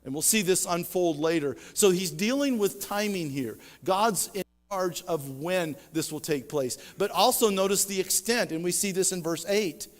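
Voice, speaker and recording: A man's voice: high voice, normal speed, hardly any pauses. Guy preaching a sermon, rises and drops for emphasis, echoey church sound. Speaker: pastor. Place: church sanctuary.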